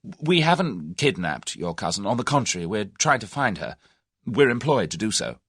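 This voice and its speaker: A man's voice: lowish voice, big pitch swings, moderate pace, fairly bright tone, breathy edge, no echo, studio quality, heavily acted. A man voicing a cheerful, breezy young Englishman in an audiobook of a mystery novel.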